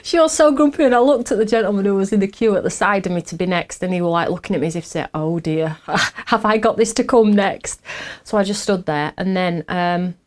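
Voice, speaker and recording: A woman's voice: fairly low pitch, brisk, few pauses. An English woman hosting a crafting podcast, telling a story in a chatty way, laughing often and acting out what others said. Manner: acts out quotes in different voices. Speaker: podcast host. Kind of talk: casual chat with viewers.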